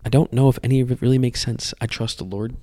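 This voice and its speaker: A young man hosting a podcast, telling his personal testimony in an earnest, halting way that often repeats words. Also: medium pitch, steady tone, mellow, dry recording. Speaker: podcast host.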